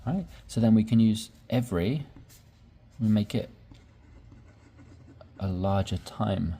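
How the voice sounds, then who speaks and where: A man's voice: lowish voice, slow pace, dark tone. A man teaching English conversation, explaining sentence structure step by step and often checking in with "right?".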